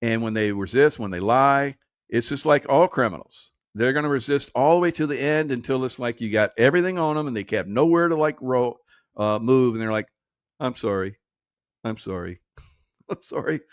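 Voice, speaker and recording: A man's voice: mid-range voice, a little fast, clean tone, no room sound, studio quality. A man hosting a casual political commentary show, sarcastic and laughing through mocking asides.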